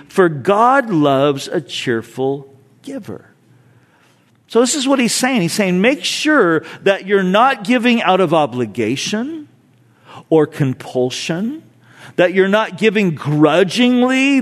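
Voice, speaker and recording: A male pastor preaches in a church sanctuary with a fairly high, lively voice that rises and falls a great deal. He reads scripture and acts out quoted speech, often repeating a word as he restarts. A long hall reverb trails each phrase. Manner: repeats words when restarting. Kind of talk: sermon with scripture reading.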